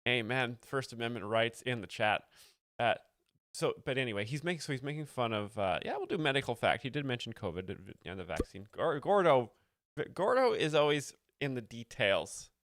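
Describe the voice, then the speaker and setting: A man explaining jokes with deadpan, mock-earnest seriousness, stopping for fillers and chat messages. His voice sits at an ordinary middle pitch. The sound is close and dry, with no room around it. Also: normal speed, dry recording. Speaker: host explaining jokes on a livestream. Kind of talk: deadpan satirical commentary.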